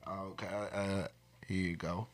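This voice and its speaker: A man's voice: low-pitched, flat delivery, unhurried. A man co-hosting a podcast, chatting in a laid-back way with lots of agreeing interjections. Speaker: podcast co-host. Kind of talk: casual chat.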